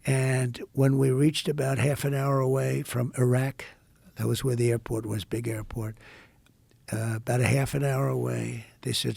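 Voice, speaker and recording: A man's voice: mid-range voice, flat delivery, normal speed, gravelly, a little mellow, slightly rough, dry recording. A man in his seventies from the United States, a podcast guest telling a long story in a rambling, repetitive way full of superlatives. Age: 70s. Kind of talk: casual storytelling in a podcast interview.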